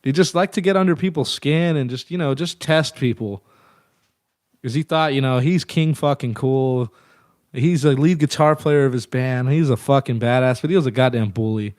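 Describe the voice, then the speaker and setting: A man's voice: medium pitch, normal speed, darkish tone, no room sound. Profane storytelling man, dry close sound. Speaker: guest musician. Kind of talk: casual storytelling interview.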